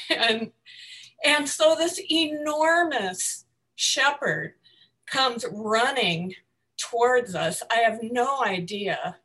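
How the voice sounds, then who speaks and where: A woman telling a personal story in a group discussion, full of fillers and restarts, with soft laughs between phrases. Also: fairly high pitch, lively intonation, very slow.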